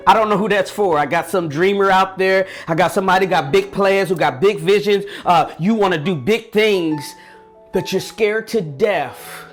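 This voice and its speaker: Faint music plays behind a man whose voice sits high as he delivers an earnest, preachy motivational talk at a moderate pace. He speaks directly to listeners with frequent repetitions and restarts.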